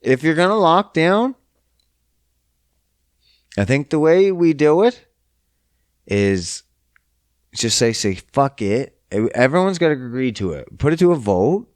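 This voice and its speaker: Profane ranting man, slow animated delivery. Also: on the high side, no room sound, clean studio sound. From Canada. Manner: profane, exasperated, mocking. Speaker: podcast host. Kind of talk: casual solo rant.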